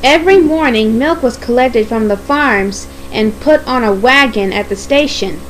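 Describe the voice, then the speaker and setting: A woman narrating a children's storybook aloud with a steady, expressive delivery. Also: fairly high pitch, slight background noise, poor audio. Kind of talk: storybook reading.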